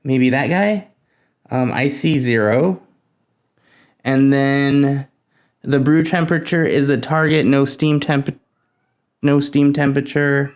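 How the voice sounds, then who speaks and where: A man at a middle pitch talks casually while testing electronics on his bench. He mutters to himself, nervous and easily excited. His tone stays chatty and hands-on. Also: takes it slowly, long pauses. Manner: nervous, excitable, self-talking while working. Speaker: tech hobbyist host. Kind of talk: casual hands-on build vlog.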